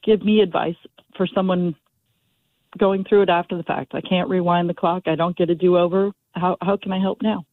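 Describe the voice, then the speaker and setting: A woman from California calling into a talk show, emotional and halting, with many restarts. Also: on the low side, fairly even intonation, no echo. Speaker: caller. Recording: tinny phone line.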